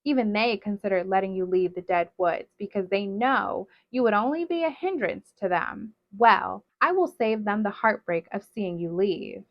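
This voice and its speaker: A woman voicing a cruel, possessive witch mother who threatens and commands loudly, on a dull, dry recording. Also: medium pitch, animated, moderate pace, hardly any pauses, dry recording, natural voice. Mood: cold.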